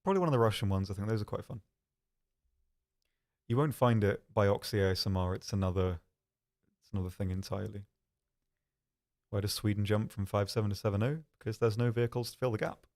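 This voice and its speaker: Young guy streaming, soft calm voice sitting a bit low, dry humor, chatting with viewers. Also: fast, pauses often. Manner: soft-spoken, calm, dry and self-deprecating. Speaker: stream host answering chat questions. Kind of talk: casual live-stream chat.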